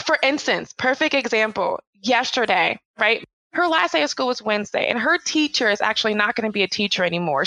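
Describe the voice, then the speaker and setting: A woman's voice: mid-range voice, pushed and bright, no echo, rough recording. A woman in her thirties, a mother of three, chatting in an interview and acting out the voices of her family as she tells stories. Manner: chatty storyteller, acts out quoted voices with laughs. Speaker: podcast guest, mother of three. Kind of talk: casual interview chat.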